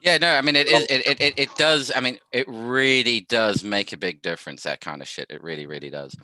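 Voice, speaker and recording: An English man hosting a casual video-call chat, swearing freely and talking in animated bursts. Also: mid-range voice, a little fast. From England. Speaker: podcast host.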